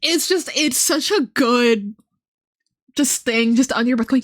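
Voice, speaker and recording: A young woman with a high voice tells a long story on her live stream. She rambles in a casual chatty way, with plenty of ums, and often breaks into laughter. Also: a little slow.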